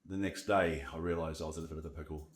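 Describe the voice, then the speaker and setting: A man's voice: extremely low pitch, steady tone, racing, echoey room. A man in his forties with a New Zealand accent, a guest telling his own story in a casual podcast interview, candid and reflective with many fillers. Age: 40s. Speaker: guest, burnout coach.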